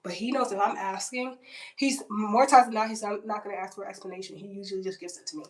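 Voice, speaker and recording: A woman in her twenties tells a story in a casual, blunt vlog, chatty and heavy on "like," fillers and swearing. She talks fast in a mid-range voice with a steady tone, recorded in a roomy space well away from the mic.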